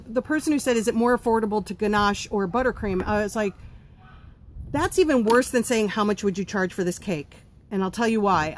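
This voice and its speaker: A woman's voice: mid-range voice, slight background noise. A woman hosting a live stream about running a home baking business, answering viewer comments in a blunt, chatty way with lots of ums. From not from Pennsylvania.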